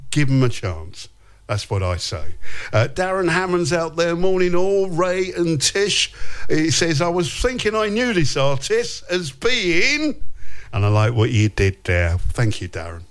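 Male radio host, London accent, playful chat with a lively pitch. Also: a little slow, clear, resonant tone. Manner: chatty and playful, animated pitch. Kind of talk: casual breakfast radio chat, reading listener messages.

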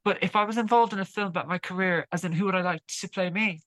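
Low-voiced woman telling a story. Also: a bit bright, no room sound, poor audio. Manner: halting, repeats words while telling a story. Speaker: guest musician. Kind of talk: casual interview chat.

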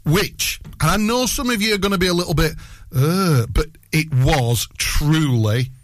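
A man's voice: a little high, unhurried, dry recording. A man co-hosting a radio food show in casual, jokey chat, often laughing. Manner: chatty, jokey, laughs a lot. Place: radio studio.

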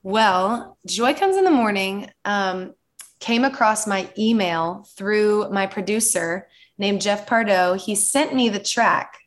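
Bubbly young American woman. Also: medium pitch. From United States. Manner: bubbly, enthusiastic, quick to laugh. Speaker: singer-songwriter guest. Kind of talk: interview answers.

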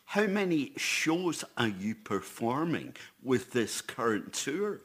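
A man's voice: medium pitch, big pitch swings, takes it slowly, fairly bright tone, husky. A man interviewing a guest with brief, plain questions.

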